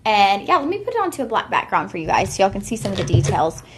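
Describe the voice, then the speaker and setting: A young woman hosts a live jewelry stream for a shopping channel, talking fast in a medium-pitched, sing-song voice. She's gushing and chatty and says "y'all" a lot, and the echoey room carries background noise.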